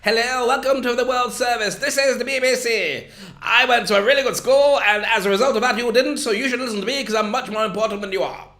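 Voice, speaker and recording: A man's voice: very high-pitched, fast, pushed and bright, reverberant, pitched above the performer's own voice, exaggerated voice. A man voicing a pompous, posh upper-class radio announcer with a plummy, condescending tone.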